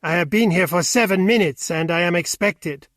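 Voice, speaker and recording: A man's voice: sits high, normal speed, a bit bright, no room sound, studio quality. A man reading an audiobook, voicing a polite young male motorcyclist who speaks in formal, stiff phrases.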